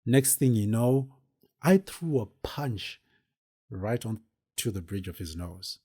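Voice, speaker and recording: A man's voice: fairly low pitch, animated, slow, warm tone, slightly rough. A man hosting a podcast, telling a personal story casually in a rambling way, with many fillers and restarts. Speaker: podcast host.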